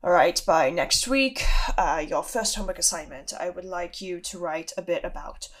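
A woman voicing a calm, gentle male teacher who speaks softly and easily in a tabletop game. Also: fairly low pitch, moderate pace, pitched below the performer's own voice.

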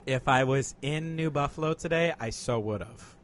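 A man's voice: mid-range voice, normal speed. A young man co-hosting a casual beer review podcast, rambling, swearing casually and laughing between thoughts. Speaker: podcast co-host reviewing beers. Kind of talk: casual chat.

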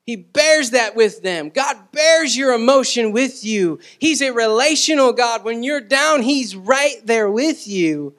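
High-voiced pastor preaching a sermon. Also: male voice, animated, measured pace, hardly any pauses, a bit bright. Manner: conversational, repeats words, asks the congregation questions.

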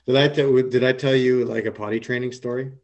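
A man in his thirties tells a parenting story on a podcast, starting and restarting with frequent ums and soft chuckles. His voice sits in an ordinary middle range. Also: mid-range voice, fairly even intonation, fairly quick, highs cut off. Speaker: podcast co-host and father. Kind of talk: casual chat.

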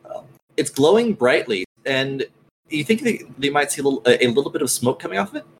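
A man's voice: mid-range voice, big pitch swings, a little hiss or hum, poor audio. Man narrating as game master. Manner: measured descriptive narration.

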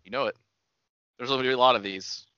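A man's voice: mid-range voice, quick pace, sharp tone, smooth, dry recording, dull audio. A man co-hosting a podcast, talking about TV shows in a laid-back, casual way with easy swearing. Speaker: podcast co-host.

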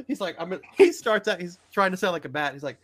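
A young man co-hosting a casual podcast chat, animated and laughing as he acts out scenes. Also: high voice, fast. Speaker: podcast co-host.

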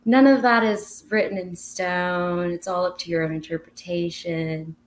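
A woman's voice: on the low side, fairly even intonation, unhurried. A young woman co-hosting a casual podcast, talking things through reflectively with many fillers. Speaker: podcast co-host. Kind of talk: casual chat.

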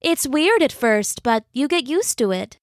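A woman voicing a sensible, bookish young hermit crab girl who talks in a gentle, reassuring way, in a storybook reading. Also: sits high, big pitch swings, unhurried, dry recording, clean studio sound, pitched above the performer's own voice.

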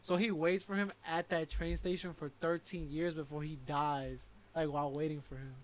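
A man's voice: fairly high pitch, little pitch movement, normal speed, a little hiss or hum. Slangy young man telling stories. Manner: slangy storyteller, says "like" often. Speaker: podcast co-host. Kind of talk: casual chat.

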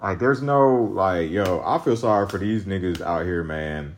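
A man's voice: low-pitched, a little slow, soft background music. A man hosting a podcast alone, venting in a profane, rambling, agitated monologue about a breakup. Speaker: podcast host.

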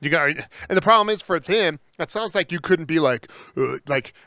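Fairly high bright guy, clean smooth voice, ranting on a podcast, dry mic. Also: expressive, moderate pace, no room sound. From Japanese heritage. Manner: opinionated, ranting. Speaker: podcast co-host. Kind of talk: casual chat.

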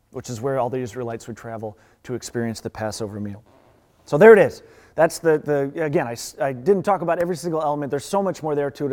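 A man's voice: mid-range voice, a little mellow. A man preaching a sermon as pastor, earnest and emphatic, often restarting his words. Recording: long reverb.

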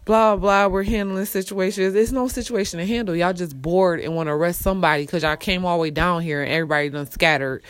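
A young adult woman telling a personal story in a casual rant, blunt and full of swearing, dropping to low mutters and rising to loud outbursts. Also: fast, hardly any pauses, no echo. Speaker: storyteller vlogger.

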